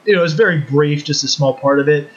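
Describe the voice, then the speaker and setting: A man's voice: fairly high pitch, quick pace. Laid-back man on muffled audio. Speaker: podcast co-host. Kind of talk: casual chat. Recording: muffled lo-fi recording.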